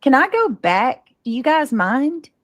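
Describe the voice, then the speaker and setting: A woman's voice: high voice, sing-song, measured pace, fairly bright tone, no room sound, clean studio sound. A woman talking casually on a livestream, often stopping and restarting her sentences. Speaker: livestreamer being reacted to.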